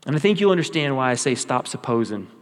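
A man's voice: medium pitch, sing-song, fast, long reverb tail. A male pastor giving a sermon in an earnest, conversational way, repeating key phrases for emphasis. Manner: earnest, conversational, repetitive exhortation. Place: church sanctuary.

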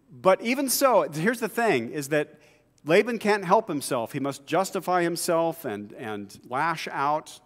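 A male pastor with a somewhat high voice preaching in a church. He tells stories in a chatty way and keeps breaking off for asides. His words carry a long reverb from the big sanctuary. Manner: conversational storytelling with asides and laughs. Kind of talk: sermon.

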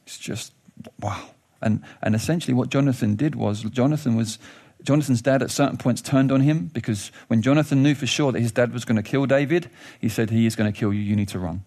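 A man preaching a sermon, telling a story with lively restarts and questions. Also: a little fast. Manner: animated storytelling, rising pitch in questions; frequent restarts and thinking aloud.

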